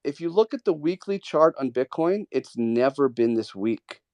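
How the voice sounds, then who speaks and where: A man's voice: mid-range voice, animated, normal speed, a little mellow, no echo. A man hosting a live trading Q&A, talking casually and coaching callers with emphatic, repeated points. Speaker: host of a trading Q&A. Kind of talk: casual mentoring talk.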